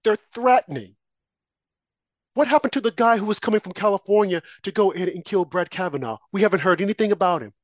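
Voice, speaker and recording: A man's voice: sits high, fairly quick, dry recording, lo-fi sound. A man co-hosting a political talk show, delivering impassioned, preachy commentary full of rhetorical questions and warnings.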